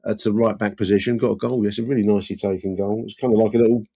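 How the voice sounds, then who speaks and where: A man with a low, mellow voice talks through a football match on a podcast. He is relaxed and chatty, laughs easily and fills his sentences with "you know" and "I mean". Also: rapid-fire, slightly rough. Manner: chatty, laughs often, lots of fillers. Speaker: podcast co-host. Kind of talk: casual football chat.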